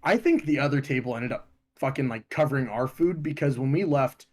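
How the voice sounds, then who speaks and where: A man's voice: mid-range voice, a little fast. Profane young man telling stories. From Ohio, US. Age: young adult. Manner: profane, animated storytelling. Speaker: podcast co-host. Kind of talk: casual chat.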